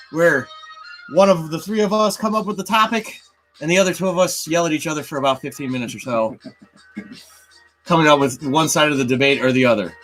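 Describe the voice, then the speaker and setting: A man hosting a casual debate show, lively and jokey, often talking over the others. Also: fairly high pitch, poor audio. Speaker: host.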